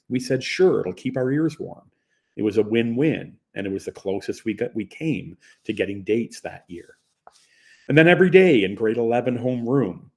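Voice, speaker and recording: A man's voice: on the low side, gravelly, darkish tone. Man narrating a wry memoir. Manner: conversational, wry storytelling. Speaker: audiobook narrator. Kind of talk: first-person memoir narration.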